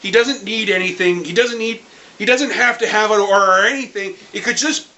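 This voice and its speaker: A man with a high voice rants about comics in an angry video review. His tone is bright and sharp, and he gets excitable and swears often. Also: normal speed, slight background noise, rough recording. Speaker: comic book fan vlogger.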